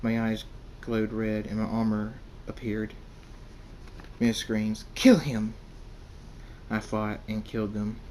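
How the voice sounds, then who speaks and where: A man reading his own fan fiction story aloud in the first person, halting and repeating words. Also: on the low side, monotone, darkish tone, a little hiss or hum.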